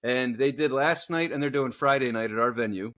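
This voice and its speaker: A man co-hosting a podcast, telling a workplace story in casual, profane chat and acting out the people in it loudly. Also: medium pitch, a little fast. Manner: swearing storyteller, loud animated reenactments. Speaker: podcast co-host.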